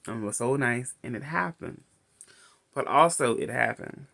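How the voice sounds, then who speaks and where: A man's voice: medium pitch, normal speed, vocal fry, sharp tone. A man casually recapping a film as a reviewer, rambling and restarting his sentences. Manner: rambling, restarts often, laughs between lines. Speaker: movie reviewer.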